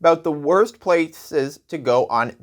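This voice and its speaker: Male late-night host: sarcastic, slow-paced monologue, chuckles at his own gags. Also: on the high side. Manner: sarcastic, jokey, laughs at his own jokes. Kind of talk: comedic news monologue.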